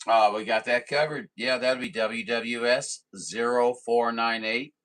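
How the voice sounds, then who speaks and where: A man's voice: medium pitch, fairly even intonation, a little slow, a bit bright, poor audio. A man from southern Missouri chatting casually on a CB radio frequency, folksy and apologetic, with lots of fillers. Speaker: CB radio operator.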